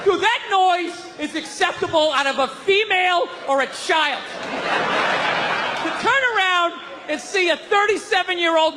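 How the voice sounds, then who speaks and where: Ranting stand-up comic with a high voice. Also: male voice. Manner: profane, ranting, acts out characters. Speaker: stand-up comedian. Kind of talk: stand-up comedy routine. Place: comedy club stage before a live audience. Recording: live club recording with loud crowd noise.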